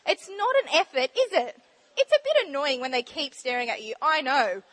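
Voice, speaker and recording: A woman giving an informal, chatty sermon talk in a church, bubbly and quick to laugh. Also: high voice, big pitch swings, fairly bright tone. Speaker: church speaker sharing testimony.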